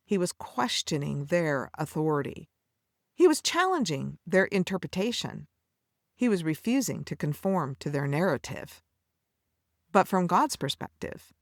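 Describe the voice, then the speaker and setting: A woman's voice: lowish voice, very animated, a little slow, dry recording, studio quality. A woman podcast host giving a scripted devotional Bible teaching, speaking tenderly to the listener as a friend and telling the story with a dramatic cadence.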